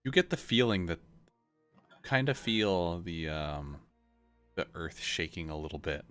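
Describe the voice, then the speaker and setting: A man's voice: sits low, expressive, a little slow, fairly bright tone, clean tone, faint music behind. A man acting as game master, narrating a tabletop game in a rambling way with many fillers and restarts.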